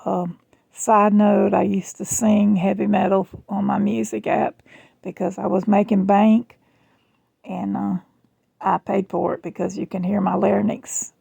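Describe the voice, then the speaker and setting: A middle-aged woman with a Southern US accent, rambling chattily in a casual vlog, her voice strained and rough. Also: mid-range voice, level tone, unhurried, mellow, dry recording, lo-fi sound. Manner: chatty, rambling, self-deprecating. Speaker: jewelry vlogger. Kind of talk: casual chat. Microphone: phone camera.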